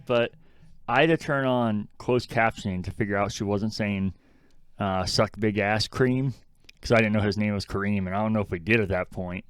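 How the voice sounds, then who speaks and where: A man's voice: on the low side, smooth, dry recording. A man co-hosting a podcast in casual chat, blunt and swearing freely as he mocks lines he quotes. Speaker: podcast co-host.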